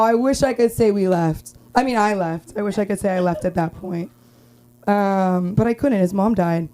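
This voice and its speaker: A young woman from Los Angeles performing a rambling stand-up comedy set at an open mic, with filler-heavy talk and sudden loud outbursts. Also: medium pitch, moderate pace.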